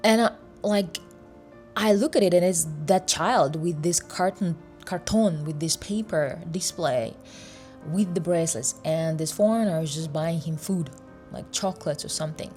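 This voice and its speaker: A woman's voice: lowish voice, normal speed, soft background music. Chatty woman vlogger telling a travel story. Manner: animated, acts out voices of people she met. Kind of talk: casual storytelling vlog.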